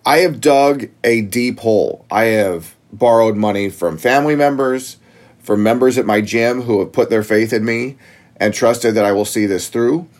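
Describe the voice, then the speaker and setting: A gym owner, a man, telling a story in a casual interview, getting animated as he recounts the shock. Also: moderate pace. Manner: animated, rises high when retelling shock.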